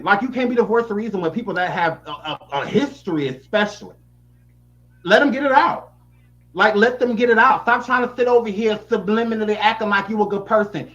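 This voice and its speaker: A man's voice: high voice, fairly quick, fairly bright tone, dull audio. A man giving blunt, sassy and profane reaction commentary. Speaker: YouTube commentator.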